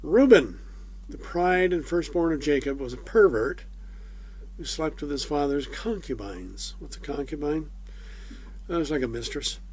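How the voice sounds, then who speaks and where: A man's voice: fairly high pitch, lively intonation, a little slow, a little mellow, breathy edge. A man preaching a conversational sermon, folksy with casual asides.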